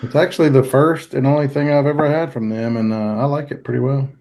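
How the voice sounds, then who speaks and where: A man's voice: mid-range voice, steady tone, quick pace, dark tone. A man on a podcast panel speaking in a plain, laid-back way during casual chat. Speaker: panel guest.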